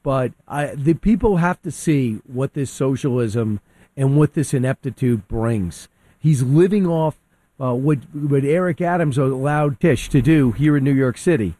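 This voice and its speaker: Heated man with a dry mellow voice. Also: mid-range voice, measured pace, no room sound. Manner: heated, restarts and repeats words, acts out quotes. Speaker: radio guest commentator. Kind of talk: opinionated talk radio discussion.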